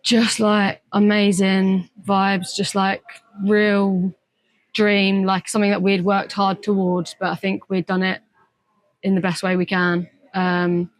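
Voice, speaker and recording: A woman's voice: medium pitch, completely flat delivery, slow pace, no echo, rough recording. A woman footballer answering an interview question casually, rambling with lots of "just, like" fillers.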